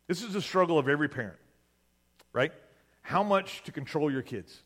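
A man's voice: fairly high pitch, expressive, moderate pace, fairly bright tone, husky, long reverb tail. A male pastor preaching a sermon in a conversational way, often asking the congregation "right?".

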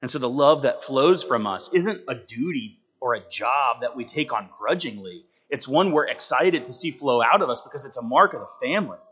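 Earnest male preacher, swinging loud to soft. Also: mid-range voice, animated, moderate pace, few pauses, breathy edge. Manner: earnest, emphatic, rising and falling with dramatic swings in volume; conversational asides to the congregation. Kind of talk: sermon.

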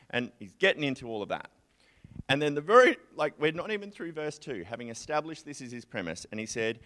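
A man giving a conversational sermon, chatty and animated, sometimes acting out a distressed psalmist's prayers. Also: medium pitch, a little fast. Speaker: preacher.

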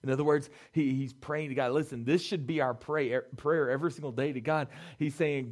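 A man's voice: on the high side, steady tone, fairly quick, hardly any pauses. A middle-aged man preaching to young people as a youth pastor, talking casually and building to fervent urging, often saying "man" and "listen.". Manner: conversational, rising to fervent urging; peppers speech with "man" and "listen". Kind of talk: sermon.

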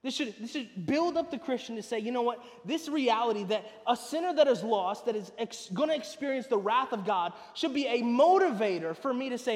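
A man preaches with a high voice, pressing hard on some lines and dropping to a hush on others. His words carry a long reverb, as if spoken in a large hall. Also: lively intonation, brisk, few pauses. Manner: emphatic, swings between loud and hushed. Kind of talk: sermon.

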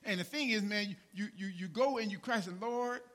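Moving fast, the pastor preaches in a casual, conversational way. Shouted emphasis breaks up his low asides, and "man" and "right?" punctuate his lines.

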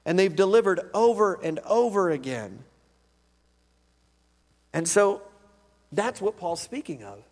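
Male pastor, high voice, emphatic conversational preaching, repeats phrases, long hall reverb. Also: expressive, measured pace, long pauses, darkish tone. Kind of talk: sermon.

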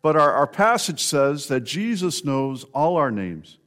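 A man's voice: on the high side, sing-song, measured pace, a bit bright. A man preaching a sermon, telling stories in a conversational way and speaking directly to members of the congregation. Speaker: pastor.

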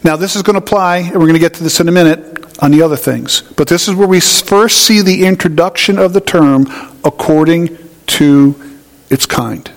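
High-voiced man preaching in a reverberant hall. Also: normal speed. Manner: conversational, folksy, with homey stories. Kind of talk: sermon teaching.

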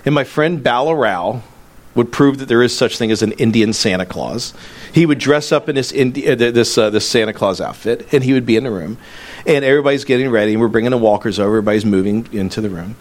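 A man's voice: medium pitch, fast talker. A man preaching a sermon as a pastor, telling a story in an earnest, conversational way with frequent restarts.

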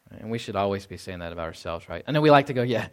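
Animated and rapid-fire, a middle-aged Texas pastor preaches as if in conversation, regularly checking in with "right?" When he quotes someone, he acts the line out in a low, quiet voice.

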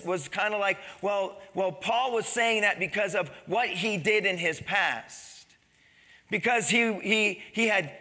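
High, bright-voiced pastor preaching a sermon. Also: male voice. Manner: asks the congregation questions and calls for amens; drops to a soft, low delivery at the end of phrases. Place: church.

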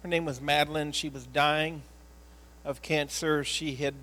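A man, a pastor, telling a personal story in an earnest, emotional sermon style, often halting and repeating words. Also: fairly high pitch, fairly even intonation, pushed and bright, low-quality recording.

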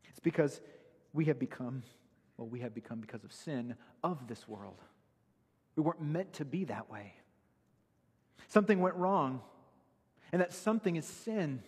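A man's voice: on the high side, animated, normal speed, long pauses, slightly rough, long reverb tail. A man preaching a sermon, earnest and emphatic, citing Bible verses as he explains them. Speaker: pastor.

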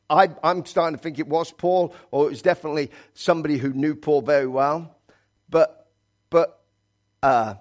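A man preaching a conversational sermon as pastor in church, swinging between loud emphasis and quiet asides. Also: medium pitch. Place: church sanctuary.

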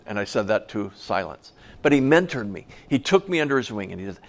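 A man's voice: fairly low pitch, sing-song, a little fast. A middle-aged man, a pastor, preaching a conversational sermon, telling personal stories and asking the audience questions.

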